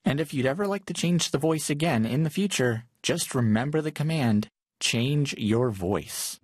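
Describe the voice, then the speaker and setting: A man hosting a podcast, giving clear, steady and instructive step-by-step tech narration. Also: a little high, fairly quick, no room sound. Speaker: podcast host. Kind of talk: scripted tech how-to narration.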